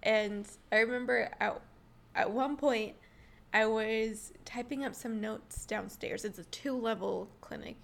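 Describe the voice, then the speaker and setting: A woman co-hosting a podcast, telling a story in a casual, animated way, acting out gasps and laughing often. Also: fairly high pitch, unhurried, creaky. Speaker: podcast co-host.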